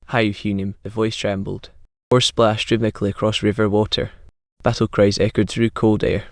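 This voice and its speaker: A man's voice: on the low side, no room sound, studio quality. A man narrating a dramatic comic story recap in clipped, terse fragments, reading out the characters' lines himself.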